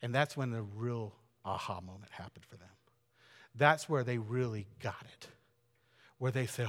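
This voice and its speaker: A man preaching a sermon in a church sanctuary, talking conversationally and earnestly, building to loud emphatic peaks. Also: mid-range voice, a little slow, long reverb tail. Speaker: pastor.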